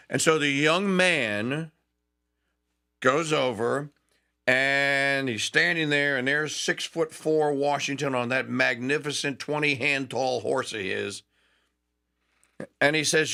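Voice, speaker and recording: A man's voice: mid-range voice, unhurried, pushed and bright, clean tone. A man hosting a talk show, telling a history story with enthusiasm, digressions and frequent restarts.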